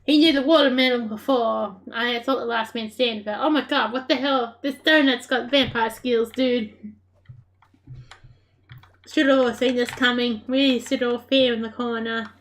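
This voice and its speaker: A woman giving live gameplay commentary, excitable and laughing often, with playful trash talk at the other players. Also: a little high, moderate pace. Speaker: gaming creator.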